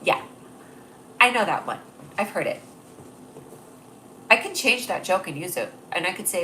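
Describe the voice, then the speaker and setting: A woman's voice: mid-range voice, expressive, normal speed, pauses often, sharp tone, slight background noise. A young woman hosting a casual livestream, bubbly and rambling, laughing at her own jokes. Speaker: livestream host.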